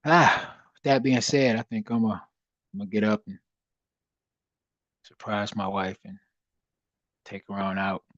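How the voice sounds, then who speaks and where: A low-voiced man talks easily through a live trading stream, reading messages from his viewers as he goes. He sounds laid-back and chatty. The close microphone sounds dry and slightly dull. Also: a little slow, pauses often, a bit bright, no echo. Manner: laid-back, chatty, reads chat aloud. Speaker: livestream trading host. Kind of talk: casual livestream chat.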